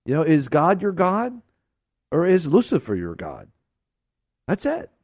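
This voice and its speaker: A man preaching fervently as a talk show host, swinging between emphatic outbursts and hushed, earnest passages. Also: fairly high pitch, wildly swooping pitch, unhurried, no echo, studio quality.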